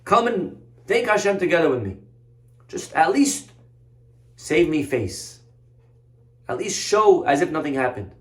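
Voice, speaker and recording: A man voicing a biblical king, a grown man who boasts and then pleads, in a high, strained voice. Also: very animated, measured pace, pauses often. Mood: pleading. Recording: roomy echoey room.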